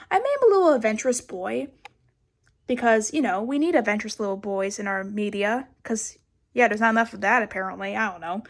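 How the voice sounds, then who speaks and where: A woman's voice: medium pitch, animated, brisk. A young woman giving a casual, rambling sketchbook tour, swearing a lot and mocking herself. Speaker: vlogger.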